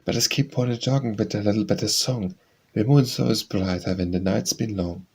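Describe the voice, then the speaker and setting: A man recites verse for an audiobook in a rhythmic, sing-song lilt. His voice sits a little low and has a husky, breathy grain. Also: brisk, a little mellow. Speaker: audiobook reader.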